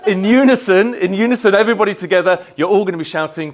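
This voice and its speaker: A man's voice: high voice, fast, hardly any pauses. A man giving a live motivational talk, energetically leading the crowd in chants and telling his story. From Yorkshire, England. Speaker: motivational speaker. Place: indoor event hall, live audience.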